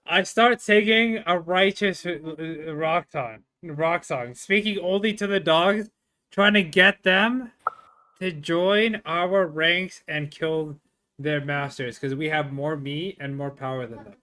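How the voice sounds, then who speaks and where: A man playing a tabletop game, excitable and stammering, swearing often. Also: on the high side, takes it slowly. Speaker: player.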